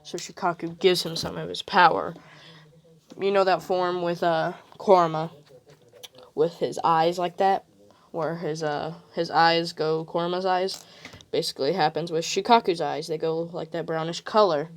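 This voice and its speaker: A woman's voice: on the low side, fairly even intonation, moderate pace. A woman casually retelling a fan what-if story, rambling with fillers and "like".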